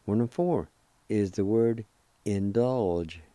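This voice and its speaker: A man's voice: fairly low pitch, slow pace, dark tone, dry recording. A man hosting a radio language lesson, patiently spelling words letter by letter and repeating each pronunciation. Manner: politely encouraging. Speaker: radio host teaching vocabulary. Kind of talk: slow, patient vocabulary lesson.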